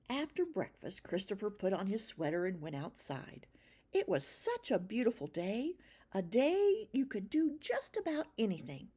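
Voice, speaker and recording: A woman narrating a children's storybook in a slow, expressive read-aloud manner. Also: medium pitch, husky.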